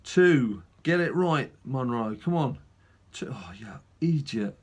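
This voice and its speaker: A man's voice: mid-range voice, expressive, measured pace. A man hosting a gaming channel, chatting casually through a mobile game with lots of fillers and self-mocking asides.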